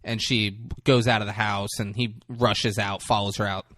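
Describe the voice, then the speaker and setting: A man's voice: fairly low pitch, flat delivery, fairly bright tone, no room sound, clean studio sound. A man co-hosting a podcast, casually retelling a film scene by scene, laughing often and acting out the characters' lines. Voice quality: laughs often, acts out lines in quick voices. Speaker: podcast co-host recapping a movie. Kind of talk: casual chat.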